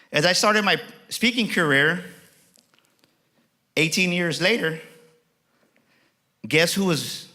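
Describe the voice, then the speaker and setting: A motivational speaker addresses a live audience in an auditorium, his voice bright and forceful. He sits a little high for a man and keeps the energy up, acting out the dialogue in shifting voices as he goes. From Texas. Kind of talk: keynote speech to a live audience.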